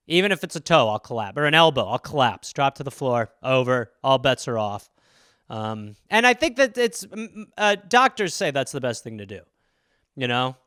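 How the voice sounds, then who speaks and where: A man's voice: mid-range voice, pushed and bright, smooth, no room sound, studio quality. A man hosting a comedy podcast, rambling through listener topics in a profane, jokey riff. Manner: rambling, profane, jokey, slips into quick silly voices.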